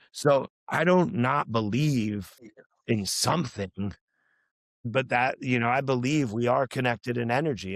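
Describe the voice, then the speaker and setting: An unhurried, creaky male voice of medium pitch belongs to a musician appearing on a podcast. In casual, reflective chat he earnestly works through a personal story, stopping and restarting with many fillers; the recording is dry.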